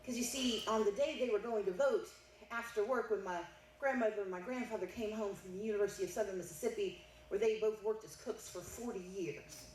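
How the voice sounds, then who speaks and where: A middle-aged woman delivers a keynote at a banquet, telling a family story that builds toward emphatic declarations. Her mid-range voice is a little fast and darkish in tone. The banquet hall sounds echoey, the mic is heard from a distance and there's faint noise.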